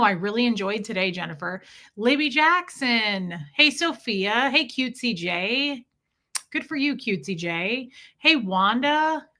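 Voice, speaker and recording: A woman's voice: mid-range voice, bright, forceful tone. A woman hosting a casual livestream, greeting viewers by name one after another. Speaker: livestream host.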